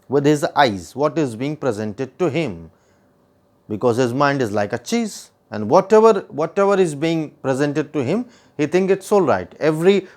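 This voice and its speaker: Lively Indian English man explaining a poem. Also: fairly high pitch. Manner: repeats and rephrases points, asks the listener questions. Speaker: teacher.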